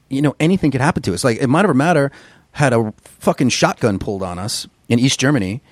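A man from Long Island, a podcast guest and musician, telling road stories in a casual interview, animated and swearing freely. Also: fairly low pitch, no room sound. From Long Island, New York. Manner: animated storyteller, swears freely, acts out quotes.

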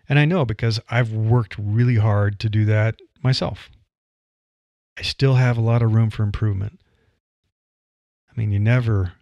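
A man hosting a solo podcast, coaching listeners in a casual conversational way with changing pace and pauses. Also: medium pitch, darkish tone, no room sound, lo-fi sound. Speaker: podcast host. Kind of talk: solo podcast advice monologue.

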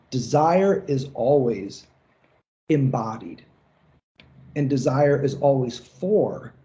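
A man's voice: mid-range voice, mellow. Casual swearing man lecturing, dull audio. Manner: casual, swears freely, acts out mocking rants. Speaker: lecturer on psychoanalysis. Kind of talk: recorded seminar lecture.

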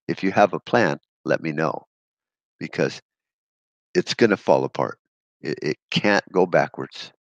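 Man, very deep voice, gravelly, blunt profane rant, sarcastic, dry close recording. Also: dry recording. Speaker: podcast host. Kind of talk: solo podcast rant.

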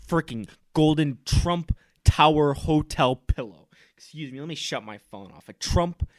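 A man hosting a comedy podcast, delivering a loud, fired-up, mock-pompous rant. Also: mid-range voice, no room sound, clean studio sound. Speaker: podcast host. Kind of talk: comic ranting monologue.

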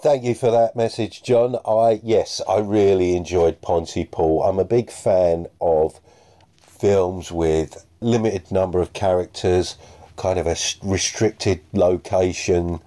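Low, mellow-voiced podcast host. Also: male voice, steady tone, slow. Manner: rambling, self-deprecating. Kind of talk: casual chat reading listener messages.

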